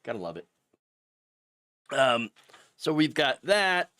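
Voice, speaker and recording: A man's voice: mid-range voice, sing-song, slow pace, pushed and bright, dry recording, clean studio sound. A man hosting a political commentary live stream, with the hiccups, talking casually and restarting sentences often. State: has the hiccups.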